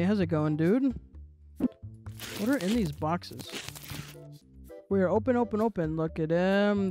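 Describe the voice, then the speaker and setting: A man's voice: high-pitched, measured pace, long pauses, a little mellow, faint music behind. A man giving playful, joking commentary as he plays a video game, bantering with the customers in the game. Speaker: gaming video creator.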